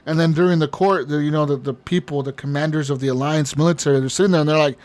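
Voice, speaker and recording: A man's voice: a little high, steady tone, fast, few pauses, a little mellow. A man co-hosting a podcast, telling a long story in casual chat, rambling and profane, often laughing. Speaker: podcast co-host.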